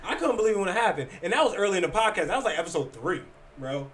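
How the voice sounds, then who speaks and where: A man co-hosting a podcast, telling a story in casual, animated chat, swearing freely and acting out quotes. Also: high-pitched, rapid-fire, slight background noise. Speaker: podcast co-host.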